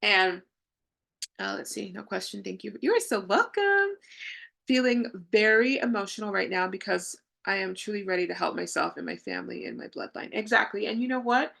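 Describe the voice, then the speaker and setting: Gravelly-voiced woman coaching warmly. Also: mid-range voice, very animated, moderate pace. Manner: effusive, affirming, speaks to viewers in the chat. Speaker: spiritual healing coach. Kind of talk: live-streamed healing session talk.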